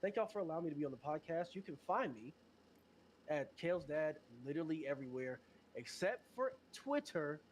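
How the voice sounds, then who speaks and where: A man talking as a podcast guest in casual chat, animated and slangy, laughing often. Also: a little high, a little fast, slight background noise.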